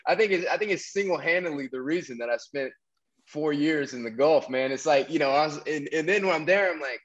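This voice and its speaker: A man's voice: fairly high pitch, brisk, lo-fi sound. A man, telling a long story as a podcast guest, full of restarts and fillers. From American South. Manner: rambling, many restarts and fillers. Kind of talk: casual storytelling interview.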